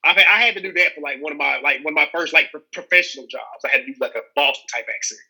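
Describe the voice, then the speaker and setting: A man's voice: a little high, racing, sharp tone, slightly rough, low-quality recording. A young man from the American South with a Southern accent, an actor chatting casually in an interview, rambling with many restarts and fillers. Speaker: actor guest.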